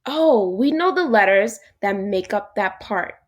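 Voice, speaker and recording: A woman teaching a recorded phonics lesson to young children, animated and encouraging, speaking to an unseen class. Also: medium pitch, unhurried.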